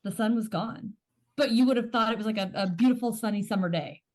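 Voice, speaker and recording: A woman's voice: on the high side, quick pace, a little mellow. A woman hosting a podcast, chatting casually and searching for words as she describes something. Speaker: podcast host. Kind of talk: casual chat.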